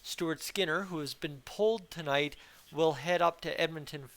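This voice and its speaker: A man's voice: fairly high pitch, normal speed, a bit bright. A young man hosting a casual fan commentary channel, rambling and chatty with a frustrated edge. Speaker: hockey fan channel host.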